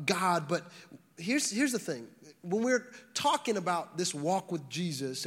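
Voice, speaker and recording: A man's voice: high voice, fairly bright tone. A man, a pastor, preaching a sermon in a conversational way to a congregation, often restarting words and using fillers. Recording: long reverb of a large hall.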